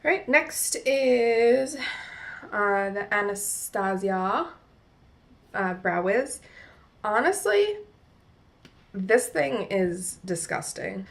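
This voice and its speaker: A young beauty vlogger from New Jersey, with a New Jersey accent, chats casually through a makeup tutorial at home before a mirror. Her mid-range voice is sing-song and creaky, with drawn-out words and long pauses, and she rambles on with many "like" fillers.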